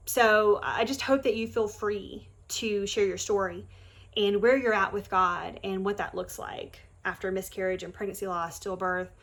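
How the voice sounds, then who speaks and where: A woman in her thirties speaks straight to her viewers in a heartfelt, casual way. Her voice sits at an ordinary middle pitch, earnest and emphatic. She often stops to restart a thought. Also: steady tone, moderate pace, a bit bright. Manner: earnest, emphatic, conversational with many fillers and restarts. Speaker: faith vlogger on pregnancy loss. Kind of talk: heartfelt direct-to-camera talk.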